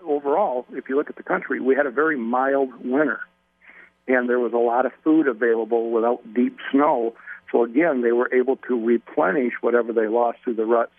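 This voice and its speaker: A man's voice: medium pitch, dry recording. Man on a tinny phone line. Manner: folksy, measured explanations with frequent ums. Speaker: radio show guest, deer expert. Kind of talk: casual radio interview.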